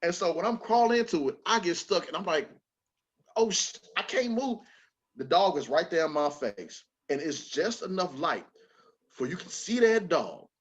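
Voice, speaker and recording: A man hosting a podcast, telling a childhood story in a casual, animated way with plenty of swearing. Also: on the high side, moderate pace, breathy edge, muffled recording. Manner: animated, swearing, repeats words when excited. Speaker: podcast host.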